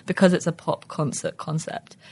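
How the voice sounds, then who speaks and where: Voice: mid-range voice, flat delivery, vocal fry, darkish tone, slightly rough. A guest with a British accent, co-creator of a stage musical, chatting casually in an interview with lots of fillers and playful asides. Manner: fast, chatty, full of fillers and acted quotes.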